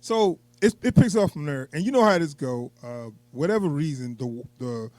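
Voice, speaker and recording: A man co-hosting a casual movie review chat, animated and laughing often, acting out quotes from the film in a raised voice. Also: on the high side, normal speed, no room sound.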